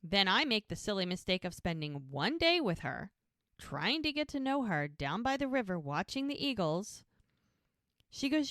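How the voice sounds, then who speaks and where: A woman's voice: medium pitch, big pitch swings, moderate pace, a bit bright, dry recording, clean studio sound. A woman co-hosting a podcast, recapping episodes in casual chat and quoting the characters' lines as she goes. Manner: retells scenes by quoting characters. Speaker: podcast co-host.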